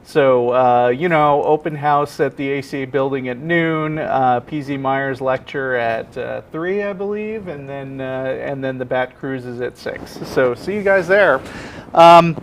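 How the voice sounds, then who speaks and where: Relaxed man co-hosting a call-in show. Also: mid-range voice, unhurried, a little hiss or hum. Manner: relaxed, hesitant, many fillers. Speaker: co-host. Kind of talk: casual chat. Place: TV studio.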